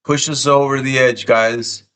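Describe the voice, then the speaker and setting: A man's voice: mid-range voice, fairly even intonation, unhurried, fairly bright tone. A man live streaming from home, tearful and sniffly, talking emotionally and repeating himself, with frequent swearing. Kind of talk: casual live stream chat.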